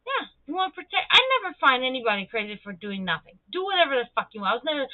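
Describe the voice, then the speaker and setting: A high-voiced woman telling a story in loose, profane chat on her stream. She bounces between her own voice and the people she quotes, jumping far up in pitch for them. The sound is dry and thin, like a phone line. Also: racing, hardly any pauses, dry recording. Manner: animated, swearing, acts out quoted people with high jumps in pitch. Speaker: livestream host.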